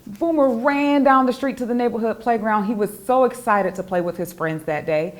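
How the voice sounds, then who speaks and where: A woman, the author, reading her children's picture book aloud in an expressive, animated storytelling voice. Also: fairly high pitch, moderate pace.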